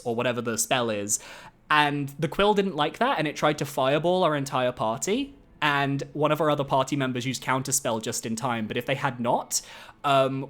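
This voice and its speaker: Male streamer, casual gameplay commentary, excitable and foul-mouthed, rambling. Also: medium pitch. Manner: excitable, swears freely, rambling asides.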